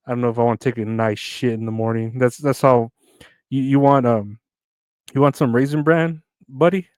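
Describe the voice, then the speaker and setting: Casting: male solo podcaster, crude rambling humor, smooth clear voice, dry close sound. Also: medium pitch, darkish tone, dry recording. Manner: crude, rambling, jokey, reads news aloud and riffs on it. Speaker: podcast host.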